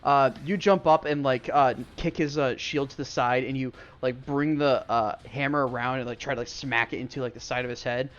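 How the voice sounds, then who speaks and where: A man's voice: mid-range voice, steady tone, brisk, few pauses, fairly bright tone. A man narrating a tabletop game as game master, rambling with lots of fillers. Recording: dull lo-fi stream mic with music.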